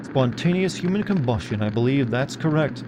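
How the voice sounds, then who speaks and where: A man's voice: medium pitch, lively intonation, moderate pace, noisy background. A young man streaming a game, joking and sarcastic as he reads its dialogue aloud. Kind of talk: casual gameplay commentary.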